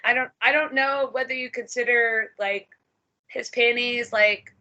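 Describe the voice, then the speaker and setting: A woman's voice: fairly high pitch, fairly even intonation, unhurried, pushed and bright, dull audio. A woman hosting a casual podcast chat, blunt and freely swearing. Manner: blunt and profane. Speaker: podcast host.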